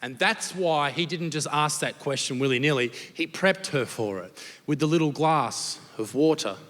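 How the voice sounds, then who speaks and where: Brash Australian comedian, bright and high. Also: male voice, normal speed. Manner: crude, brash, swearing. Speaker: stand-up comedian. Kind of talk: stand-up comedy. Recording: live hall with long reverb.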